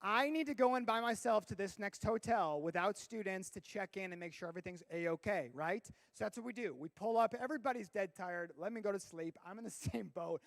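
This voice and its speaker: Animated high-voiced youth pastor. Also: male voice, fairly quick, vocal fry, few pauses. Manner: animated storyteller, bursts into shouting for effect. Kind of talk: youth sermon with storytelling.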